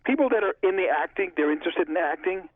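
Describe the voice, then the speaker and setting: A man's voice: sits high, animated, fast talker, no room sound. Chatty man on a tinny phone line. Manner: chatty, retells conversations in dialogue. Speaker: interview guest, filmmaker. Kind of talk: casual storytelling interview.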